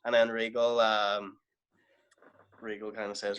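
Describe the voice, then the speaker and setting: Male wrestler, podcast guest, animated storyteller, mid-pitched voice. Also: brisk. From Ireland. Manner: animated, lively anecdote telling with quoted exchanges. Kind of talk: casual storytelling.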